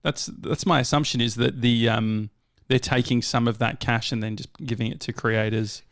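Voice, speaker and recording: A man's voice: medium pitch, fairly even intonation, moderate pace, a bit bright, no echo, studio quality. An Australian man co-hosting a casual chat podcast, telling rambling stories and correcting himself as he goes. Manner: rambling, self-correcting storyteller. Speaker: podcast co-host.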